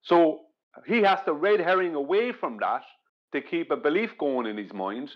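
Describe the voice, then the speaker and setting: A man with an Irish accent lays out his argument at length, pressing each point home. His voice sits a little high and comes through muffled, lo-fi call audio. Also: expressive, moderate pace. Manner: argumentative, long explanations. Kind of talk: casual debate chat on an online call.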